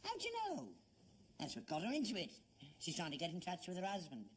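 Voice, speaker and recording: A man's voice: sits high, wildly swooping pitch, a little fast, a little hiss or hum. A man playing a gullible old father in a sitcom, with an earnest, put-upon manner. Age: older. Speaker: actor in sitcom. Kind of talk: 1970s sitcom acting.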